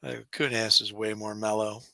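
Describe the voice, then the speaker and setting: A man's voice: on the low side, level tone, moderate pace, creaky, sharp tone, no room sound, poor audio. A man who is a guest author, chatting casually and playfully, joking and slipping into silly voices. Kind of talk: casual chat.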